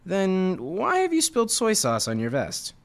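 A man's voice: sits high, huge pitch swings, a little slow, pitched above the performer's own voice, full character voice. Man doing a kind, coaxing apprentice boy. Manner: gently coaxing. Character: young male apprentice boy, kind and patient.

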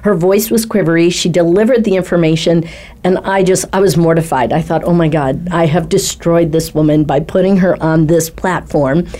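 A woman who coaches speakers and ghostwrites talks, telling a success story in a lively way and acting out the voices she quotes. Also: lowish voice, normal speed. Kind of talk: animated storytelling in a panel chat.

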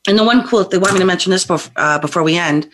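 A woman guest on a call-in show, a psychic medium telling stories in a lively, feisty way. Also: fairly low pitch, fast. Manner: lively, feisty, acts out voices in her stories. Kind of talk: animated storytelling on a call-in show.

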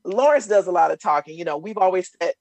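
Animated middle-aged woman telling stories. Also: lowish voice, fast, no room sound. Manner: animated storytelling, acts out voices. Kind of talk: casual chat.

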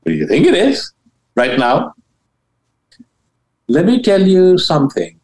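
A man, a spiritual teacher and guest, explaining ideas in an animated, emphatic way with blunt, casual wording and big swoops in pitch. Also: a little slow, pauses often, poor audio. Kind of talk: animated interview talk about spirituality.

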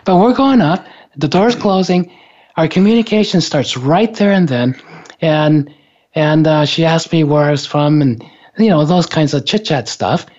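A man's voice: a little high, animated, a little slow, darkish tone. Hesitant man telling a story, dull sound. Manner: rambling, hesitant, frequent restarts and "uh". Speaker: guest telling a personal story. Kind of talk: casual storytelling. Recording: dull lo-fi recording.

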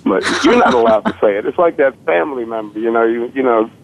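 A man's voice: mid-range voice, animated, fast talker, vocal fry, slight background noise. A man in his forties from Virginia with a slight Southern accent, a comedian guest joking sarcastically in a casual podcast chat. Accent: slight Southern rural Virginia. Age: 40s. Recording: tinny phone line.

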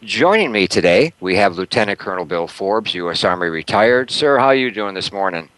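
An upbeat man hosts a talk radio show and chats loosely, with fillers and small laughs along the way. His voice sits a little low. The sound is dry and close, with no room around it. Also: expressive, a little fast, a bit bright, no room sound, poor audio. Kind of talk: casual radio hosting.

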